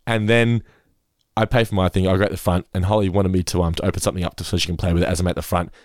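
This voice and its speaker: An Australian man hosting a casual chat, an animated storyteller who acts out quotes and laughs often. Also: low-pitched, very fast, dry recording, clean studio sound. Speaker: podcast host.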